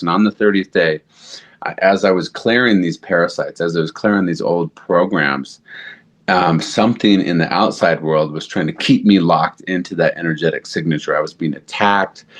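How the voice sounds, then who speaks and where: Speaking in a low voice, a man shares a personal story as a guest on a podcast. His delivery is loose and lively, full of fillers, and he performs the quoted lines.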